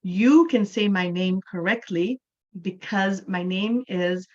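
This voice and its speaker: A woman's voice: medium pitch, slow pace, darkish tone, dull audio. A middle-aged Canadian woman teaching an English class, explaining patiently step by step with repeated examples. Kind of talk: online class lecture.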